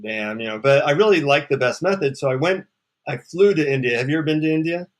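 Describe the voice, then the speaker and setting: A man, a psychotherapist and author, telling a relaxed, wry anecdote as a guest in a casual interview. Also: on the high side, fast.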